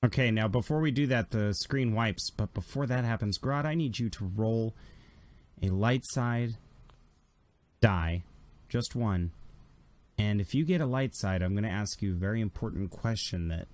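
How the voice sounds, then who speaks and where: A man narrating a tabletop game as game master in a casual, animated storytelling way. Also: on the low side, moderate pace.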